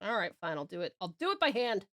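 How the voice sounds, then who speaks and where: A woman's voice: mid-range voice, very animated, fast, a bit bright, dry recording, studio quality. A young Australian woman streaming while she draws, reading chat aloud and chatting in a bubbly, giggly way. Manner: bubbly, giggly, greets viewers with pet names.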